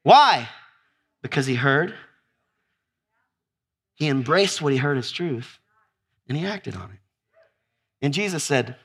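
A man delivers an animated sermon in a high, bright voice that swoops up and down. He calls out to his listeners for answers and whoops with delight while acting out scenes. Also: slow pace, long pauses, slightly rough. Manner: exuberant, acts out scenes with whoops and laughter. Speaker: preacher. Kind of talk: animated sermon with audience call-and-response.

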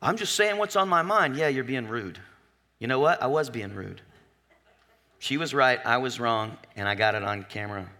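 A man's voice: mid-range voice, normal speed, pushed and bright. A male pastor preaching a sermon in a conversational, joking way, often asking the congregation if they are with him.

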